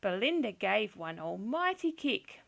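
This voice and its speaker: A woman reading a children's picture book aloud in a slow, gentle, expressive storytelling manner. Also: mid-range voice, gravelly. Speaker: storybook reader.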